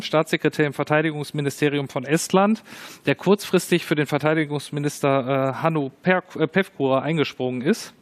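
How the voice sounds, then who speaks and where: A man's voice: on the high side, dry recording. A man, a conference moderator introducing the next session formally, with frequent fillers. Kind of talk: stage introduction.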